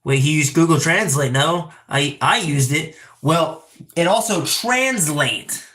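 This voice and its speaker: A man's voice: on the high side, lively intonation, slow, a bit bright. A young man chatting casually on a live stream, reading chat aloud and acting out animals.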